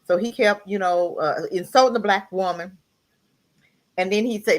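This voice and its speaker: A woman's voice: mid-range voice, brisk, fairly bright tone. A woman on a discussion panel chatting and retelling a story. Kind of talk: casual storytelling.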